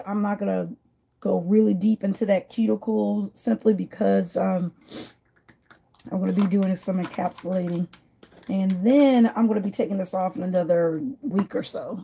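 A woman's voice: medium pitch, gravelly, dark tone, slightly rough. A woman vlogger chatting casually and rambling while she does her nails. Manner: chatty, rambling, laughs often. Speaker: nail vlogger.

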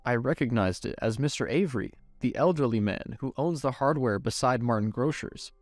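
A man's voice: medium pitch, moderate pace, no echo, soft background music. A man reading a romance story aloud as first-person scripted narration. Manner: expressive storytelling.

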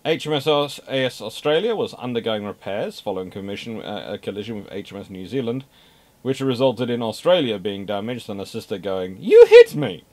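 A man's voice: fairly low pitch, expressive, a little fast. A man giving an unscripted naval history talk, emphatic, repeating words for stress and adding dry asides.

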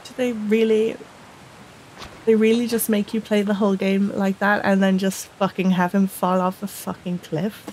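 Woman gamer ranting at a game, cursing, mid-pitch, bit of hiss behind. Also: level tone, moderate pace, darkish tone, poor audio. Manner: upset, indignant, swearing. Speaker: let's play gamer. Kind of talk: casual gameplay commentary.

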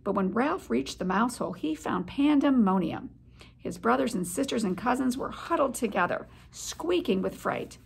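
A middle-aged woman, a head of school, reading a children's chapter book aloud in an expressive storytelling manner. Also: on the high side, moderate pace, creaky, breathy edge.

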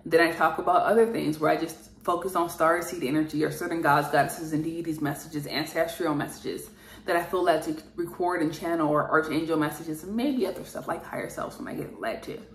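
A woman's voice: low voice, fairly even intonation, fairly quick, reverberant, a little hiss or hum. A woman speaking as a spiritual channeler in an earnest, repetitive monologue that rambles and is full of fillers.

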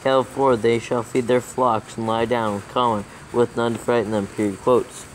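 Man, mid-pitched, flat delivery, methodical proofreading dictation. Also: moderate pace, a little hiss or hum, rough recording. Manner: steady, monotone dictation, calling out capitals and commas. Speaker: proofreader reading scripture aloud. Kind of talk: dictating text with spoken punctuation.

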